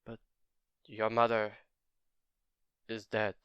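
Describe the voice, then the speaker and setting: A man voicing a calm adult male hospital doctor who speaks softly and hesitantly. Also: lowish voice, slow, clear, resonant tone, no room sound, dull audio, voice pushed down. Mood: sombre. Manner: hesitant, soft and apologetic.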